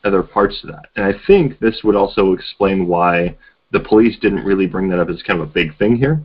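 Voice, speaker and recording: Deep, husky man in casual chat. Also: brisk. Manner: loose, speculative, talks in run-on thoughts. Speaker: podcast co-host. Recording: dull lo-fi recording.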